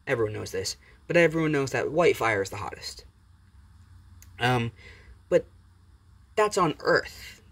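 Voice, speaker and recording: A man voicing a cocky young male hero with demonic powers, speaking in a slow, taunting way in a fan-made story reading. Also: medium pitch, lively intonation, fairly bright tone, husky, heavily acted.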